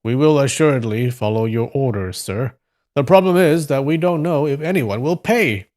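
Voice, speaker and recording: In a live story reading, a man voices a cold, sarcastic male waiter, pitching his mid-range, darkish voice a bit above his own while staying close to an everyday sound. He speaks at a moderate pace.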